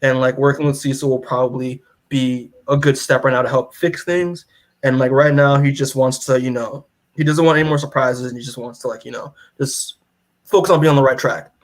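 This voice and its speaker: A man's voice: medium pitch, steady tone, a little fast. Rambling young man recapping a comic. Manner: rambling, lots of "like" and restarts, acts out characters' lines. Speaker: podcast co-host recapping comics. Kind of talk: casual chat.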